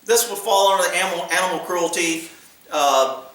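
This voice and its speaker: A man's voice: high-pitched, fairly quick, fairly bright tone, very echoey, recorded from a distance, low-quality recording. A man telling stories from his time as a military police officer in a blunt, casual way, laughing often. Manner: blunt, laughing, acts out voices in quotes. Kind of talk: casual storytelling.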